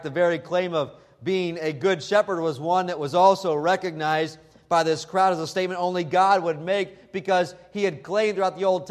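A man preaching an expository sermon as pastor, speaking emphatically and slowing down to quote scripture. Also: high-pitched. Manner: emphatic, slows down when quoting scripture.

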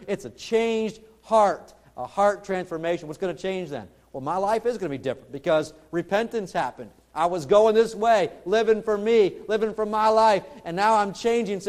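A middle-aged male pastor preaching a sermon, swinging between loud, rising appeals and low, quiet scripture lines. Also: moderate pace, few pauses.

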